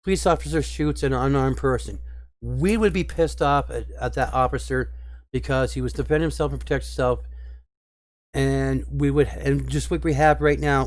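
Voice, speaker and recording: A man's voice: medium pitch, dry recording. A man giving casual spoken commentary to his viewers, earnest and upset, stressing his points hard. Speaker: video commentator.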